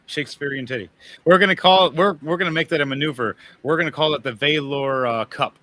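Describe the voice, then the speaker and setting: A man's voice: on the high side, fairly quick, pushed and bright, slight background noise. A man narrating as game master, rambling and often laughing.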